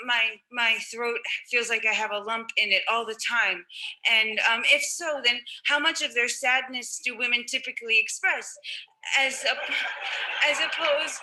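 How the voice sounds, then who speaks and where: A young woman telling a personal story out loud, halting often with fillers and restarts. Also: a little high, noisy background.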